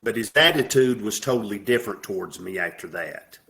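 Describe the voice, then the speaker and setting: Middle-aged man, Southern US accent, low-pitched, plainspoken drawl; interview guest. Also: lively intonation, a little fast, creaky, a bit bright. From American South. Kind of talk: casual interview.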